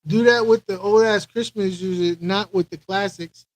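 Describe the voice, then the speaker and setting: Brooklyn-raised male host, higher-pitched voice, loose rambling live-chat storyteller. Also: normal speed, no echo, low-quality recording. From Brooklyn, New York. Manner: animated, repeats himself, imitates record scratching. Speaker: aquarium channel host. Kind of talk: casual live-stream storytelling.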